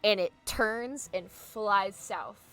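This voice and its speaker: A woman's voice: mid-range voice, takes it slowly, fairly bright tone, smooth, soft background music. A woman narrating as game master of a tabletop game, descriptive and full of fillers. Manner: descriptive, filler-heavy, laughs easily.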